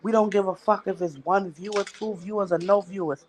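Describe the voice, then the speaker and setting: A woman's voice: medium pitch, steady tone, fairly quick, a little hiss or hum. A woman hosting a livestream, talking bluntly and emphatically and swearing heavily. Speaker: livestream host. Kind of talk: casual chat.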